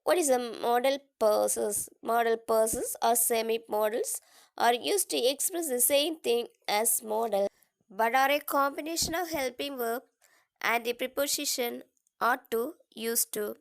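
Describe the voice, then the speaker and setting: Woman, teacher reading a lesson, slow and careful, pitched a little high. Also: creaky. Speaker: English teacher. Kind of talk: reading a grammar lesson aloud.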